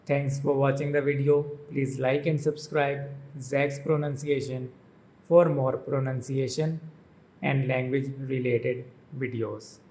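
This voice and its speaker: A man hosting a pronunciation lesson, saying each word twice with careful, deliberate enunciation. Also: mid-range voice, flat delivery, a little mellow, poor audio. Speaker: pronunciation channel host.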